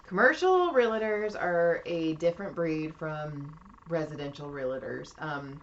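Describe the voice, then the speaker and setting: A middle-aged woman co-hosting a podcast, telling stories in a casual, animated way and swearing freely. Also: deep voice, unhurried, slight background noise. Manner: animated, swears freely, acts out quoted voices. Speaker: podcast co-host. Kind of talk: casual storytelling chat. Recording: muffled lo-fi podcast audio.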